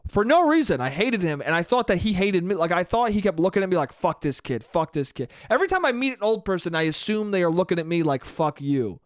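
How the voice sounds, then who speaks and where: A man's voice: high-pitched, very animated, quick pace, hardly any pauses, no room sound, studio quality. A young man hosting a solo podcast, rambling in a profane, self-mocking way. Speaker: podcast host. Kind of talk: solo comedic monologue.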